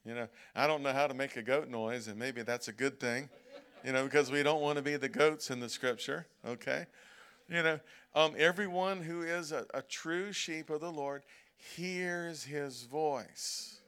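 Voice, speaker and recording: A man delivering an evening sermon in a loose, conversational way. He keeps checking in with "okay?" and slows down to lean on quoted scripture. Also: medium pitch, fairly even intonation, fairly bright tone, clear, resonant tone. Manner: conversational preaching, frequent "okay?" check-ins, slows to stress quoted verses. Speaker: preacher. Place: church service.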